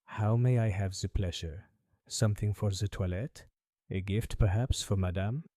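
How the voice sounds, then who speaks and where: A smooth, calculating French perfumer, voiced by a man in an audiobook mystery. He speaks with a French accent in a low, mellow tone, polite but guarded. The recording is dry and close. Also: normal speed, no echo, lightly acted. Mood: suave. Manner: suave, polite, evasive. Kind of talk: audiobook character voice.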